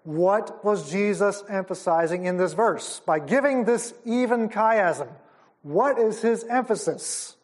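A man's voice: high-pitched, takes it slowly. A man teaching at a Bible conference, enthusiastic and explaining things step by step. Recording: audio of a live talk.

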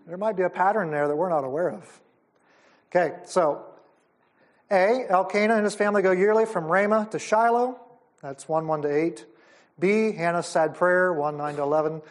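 A man's voice: a little high, steady tone, a little fast. A man teaching at a Bible conference, enthusiastic and explaining things step by step. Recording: audio of a live talk.

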